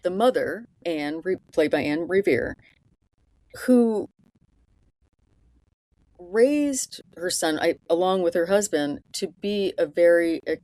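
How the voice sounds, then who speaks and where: A woman's voice: on the low side, slow, long pauses, warm tone, no room sound. A woman co-hosting a casual film discussion podcast, analyzing characters and backing her partner with frequent murmurs of agreement. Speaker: podcast co-host.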